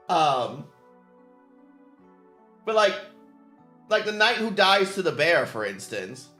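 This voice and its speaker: A man's voice: fairly high pitch, sing-song, slow pace, pauses often, sharp tone, reverberant, faint music behind. A man streaming casually, rambling and swearing with frequent laughter. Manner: rambling, profane, laughs often. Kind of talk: casual chat while painting.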